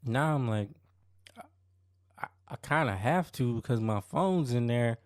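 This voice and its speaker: Telling a casual first-person story on his podcast, this young man speaks in a slangy, conversational way that keeps circling back on itself. His mid-range voice is expressive and a little slow, captured in a dry, studio-quality recording.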